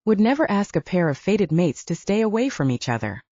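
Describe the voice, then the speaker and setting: A woman voicing a calm placating band manager. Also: medium pitch, brisk, no room sound, highs cut off. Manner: calm and reasoning. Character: steady middle-aged male band manager, placating.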